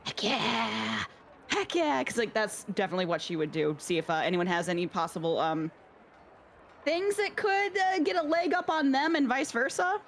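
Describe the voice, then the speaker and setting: A woman's voice: on the high side, sing-song, moderate pace, gravelly, a little hiss or hum. A woman playing a tabletop game, talking hesitantly with many fillers. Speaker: player.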